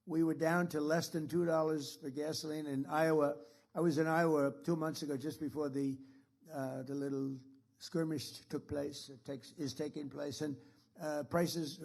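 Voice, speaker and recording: A man's voice: fairly high pitch, creaky, darkish tone. A man speaking as president, giving a rambling, repetitive and boastful political speech to an audience in an indoor room.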